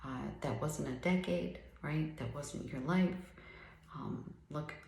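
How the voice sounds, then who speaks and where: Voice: medium pitch, slow pace, gravelly, darkish tone, reverberant, low-quality recording. A person in their fifties giving an earnest, reflective talk about recovery, often checking in with "right?". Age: 50s. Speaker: recovery speaker.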